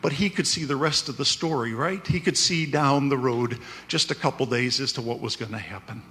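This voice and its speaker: A man's voice: medium pitch, fairly quick, bright, forceful tone, slight background noise. A man preaching a conversational sermon, often checking in with "right?". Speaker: pastor.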